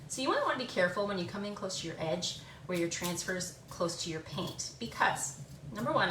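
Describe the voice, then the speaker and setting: A woman's voice: lowish voice, a bit bright. A middle-aged woman from Canada with an English Canadian accent, giving a chatty live craft tutorial and talking through each step as she works. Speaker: furniture painting demonstrator. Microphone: camera on a stand. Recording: echoey room with background noise.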